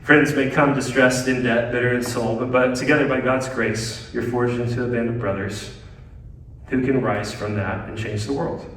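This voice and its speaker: A man preaching a sermon as pastor, swinging between loud emphatic lines and hushed ones. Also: medium pitch, fairly even intonation, moderate pace. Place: church sanctuary. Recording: very echoey church hall, mic at a distance.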